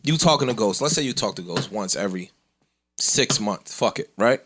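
Bright, blunt-talking male co-host. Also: on the low side, lively intonation, normal speed. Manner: blunt, slangy, acts out imagined quotes. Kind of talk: casual chat.

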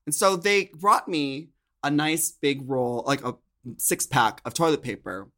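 Campy male storyteller, bright tone. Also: on the high side, measured pace. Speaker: podcast co-host. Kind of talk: casual chat.

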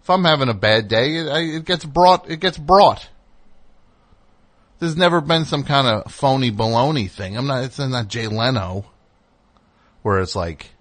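Rambling male radio host, pitch jumping. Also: a bit bright. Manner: rambling and self-interrupting, pitch jumping up when worked up. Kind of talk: candid monologue on a call-in show. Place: radio studio.

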